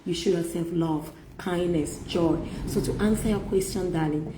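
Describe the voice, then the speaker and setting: Slow, emphatic woman in an echoey room. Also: lowish voice, background noise. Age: middle-aged. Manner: slow, emphatic, preacherly repetition. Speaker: motivational speaker. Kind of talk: faith-based self-help talk.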